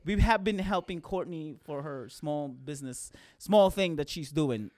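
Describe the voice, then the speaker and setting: Young male co-host from the Philippines; high, dry voice; excitable, rapid casual banter. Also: dry recording. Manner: animated, rushes his words, repeats phrases. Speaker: podcast co-host. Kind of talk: casual chat.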